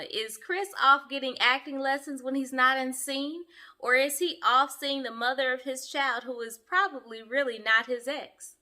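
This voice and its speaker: A young woman giving sassy, animated commentary as she reviews a reality show for her viewers. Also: sits high. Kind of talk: casual commentary.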